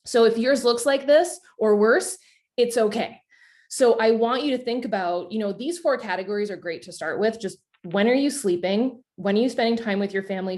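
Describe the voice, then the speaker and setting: A woman in her thirties talks an online group through a planning exercise. Her voice sits in a middle pitch, and her delivery is chatty and animated, full of casual fillers. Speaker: coach leading a live workshop.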